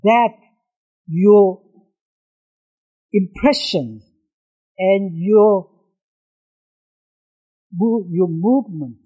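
A middle-aged man, a native Korean speaker, teaching a sermon-style lesson on scripture, halting between phrases and stressing single words. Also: high-pitched, warm tone, breathy edge. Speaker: pastor teaching devotion. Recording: dull lo-fi recording.

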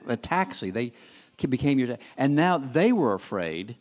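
Energetic man preaching fast, from a distance. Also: mid-range voice. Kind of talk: sermon commentary.

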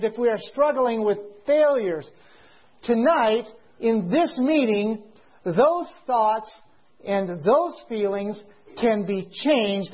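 A man preaching a sermon to a congregation in a meeting. He speaks in slow, emphatic phrases, draws out key words, and keeps asking his listeners rhetorical questions. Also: high-pitched, slightly rough. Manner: asks the audience rhetorical questions. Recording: dull lo-fi recording.

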